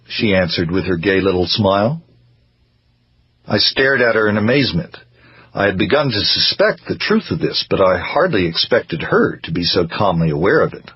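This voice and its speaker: A man narrating a first-person story as an audiobook, in a measured storytelling manner. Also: deep voice, expressive, husky. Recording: dry, muffled lo-fi recording.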